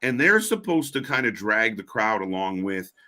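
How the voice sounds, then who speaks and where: A man's voice: fairly low pitch, sing-song, normal speed, sharp tone. A man co-hosting a casual live wrestling commentary stream, blunt and opinionated, swearing now and then. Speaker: co-host.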